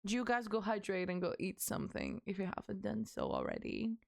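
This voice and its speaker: This young adult woman has a mid-range voice with wildly swooping pitch, a brisk pace, and vocal fry. She's casually chatting with livestream viewers, bubbly, giggly, and swearing freely.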